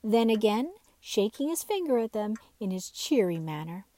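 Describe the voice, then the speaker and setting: A woman reading a classic children's bedtime story aloud in a gentle, unhurried way, sometimes dropping to a soft whisper. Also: medium pitch, sing-song, no room sound.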